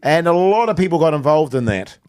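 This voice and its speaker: A man's voice: fairly high pitch, lively intonation, darkish tone, clean tone, no echo, studio quality. A man hosting a radio show, bantering and teasing callers in a joshing, matey way. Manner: joshing, matey, quick to tease. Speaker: radio host. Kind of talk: casual banter on air. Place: radio studio.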